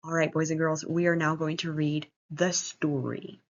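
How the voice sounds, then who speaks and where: A woman teacher giving a gentle, encouraging online reading lesson to young children over a computer mic. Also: sits low, flat delivery, moderate pace. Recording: muffled lo-fi recording.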